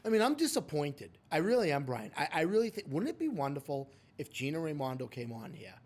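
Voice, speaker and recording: A man's voice: on the high side, sing-song, brisk, a little mellow. A man hosting a podcast, talking casually and emphatically, often calling his co-host by name.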